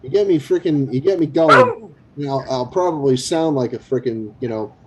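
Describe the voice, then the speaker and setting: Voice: medium pitch, moderate pace, noisy background. A speaker with a New England accent chatting casually and laughing along with friends. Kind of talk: casual chat.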